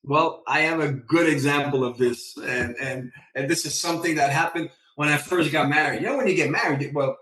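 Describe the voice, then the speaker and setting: A man talking as a podcast guest in a casual chat, an animated storyteller who acts out his own lines. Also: a little high, fairly quick, few pauses, recorded from a distance. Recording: echoey room, away from the mic.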